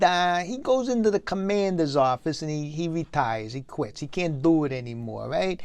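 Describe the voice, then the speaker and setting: A man's voice: a little high, darkish tone, no echo. A man playing a wise-guy movie critic, recapping a film in a rambling way with lots of fillers. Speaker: comic movie reviewer.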